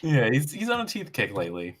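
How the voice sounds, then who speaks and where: A man describing his character's actions as a player in a tabletop game, in a relaxed way. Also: mid-range voice, quick pace. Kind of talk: casual tabletop play.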